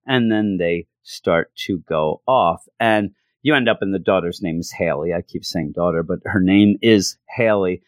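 A man's voice: sits low, moderate pace, no echo, clean studio sound. A man casually recapping a comic plot in a rambling way, with lots of fillers. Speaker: comic book reviewer.

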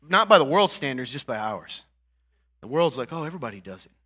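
A man preaching a sermon as a pastor, talking conversationally and often checking in with "right?" and "okay?", then building to emphatic, louder peaks. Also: mid-range voice, big pitch swings, a little fast, slightly rough.

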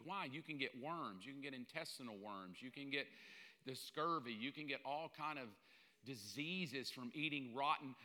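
A man preaching a sermon in an animated, joking way, often mimicking the voices of other people. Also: a little high. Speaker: pastor. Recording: long hall reverb.

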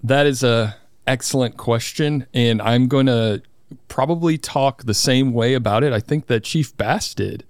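A man's voice: mid-range voice, unhurried, clear, resonant tone, dry recording. A man in his thirties talking casually as a podcast guest, chatty and a little nervous, poking fun at himself. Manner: nervous, chatty, self-deprecating. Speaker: guest, squadron commander.

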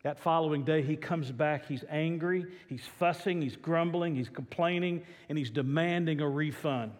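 A man's voice: fairly high pitch, normal speed, a little mellow. A man preaching a sermon, telling stories in an earnest, plain way. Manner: storytelling, earnest. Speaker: pastor. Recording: echoey hall reverb.

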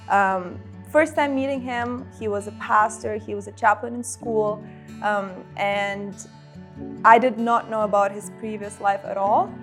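Earnest woman speaking over faint guitar. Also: on the high side. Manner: earnest and reflective, with "um" pauses. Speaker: interviewee, the storyteller's wife. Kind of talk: interview testimony.

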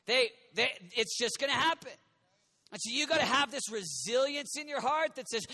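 A man preaching an energetic youth sermon, animated and jokey, acting out quoted voices and sometimes shouting. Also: very high-pitched, moderate pace. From United States. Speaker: youth minister.

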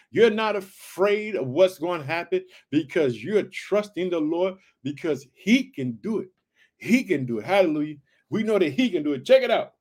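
A man with a high-sitting voice preaches an energetic sermon on scripture. His delivery is fervent and repetitive, built on call-and-response.

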